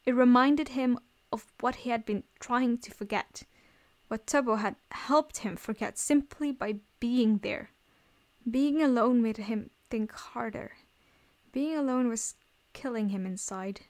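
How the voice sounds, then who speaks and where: A woman reading fan fiction aloud in a steady storytelling voice. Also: a little high, unhurried. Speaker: reader.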